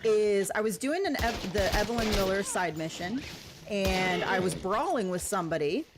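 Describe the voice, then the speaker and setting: A woman's voice: medium pitch, expressive, moderate pace. A woman giving chatty, giggly commentary on a livestream while she plays, talking back to the game characters. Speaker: gaming streamer. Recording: noisy stream audio.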